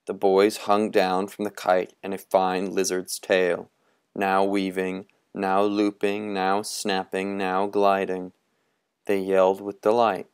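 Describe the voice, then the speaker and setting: Man, low voice, slow dramatic storybook reading, smooth resonant tone, dry close sound. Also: no echo. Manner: slow, dramatic, drawn-out delivery. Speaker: reader.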